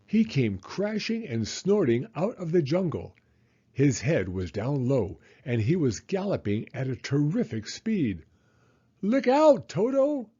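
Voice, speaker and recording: Expressive man reading a storybook aloud. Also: medium pitch, measured pace, breathy edge, lo-fi sound. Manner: expressive, dramatic. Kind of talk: children's storybook read-aloud.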